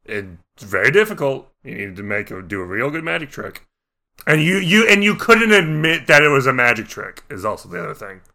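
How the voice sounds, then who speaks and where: A man's voice: mid-range voice, big pitch swings, a little fast, creaky, bright, forceful tone. A man in casual chat about a tabletop game, thinking aloud with lots of restarts. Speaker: tabletop game podcast co-host.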